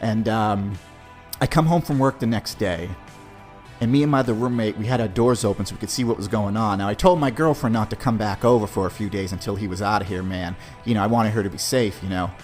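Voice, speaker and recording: Male podcast host spinning a casual yarn, relaxed delivery, soft music bed. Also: on the low side, fairly quick. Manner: laid-back, peppers talk with "man". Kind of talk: casual storytelling.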